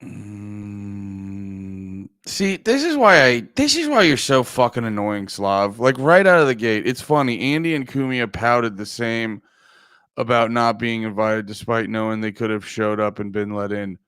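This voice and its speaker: A man's voice: lowish voice, very animated, measured pace, a bit bright, smooth, no room sound. Male podcast host, groggy, rambling and profane, reads chat aloud, dry close sound. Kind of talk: casual livestream chat.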